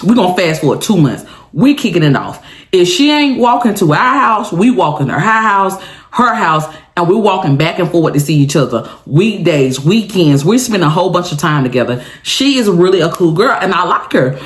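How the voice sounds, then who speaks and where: Animated woman telling a storytime. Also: on the low side, brisk, roomy sound. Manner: animated, dramatic, talks straight to viewers; laughs often while telling. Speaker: vlogger. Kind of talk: casual storytime chat.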